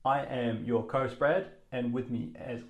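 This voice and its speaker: A man's voice: mid-range voice, fairly even intonation, unhurried, echoey room. A man with a New Zealand accent co-hosting a casual whiskey-tasting podcast, wry and teasing. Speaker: podcast co-host.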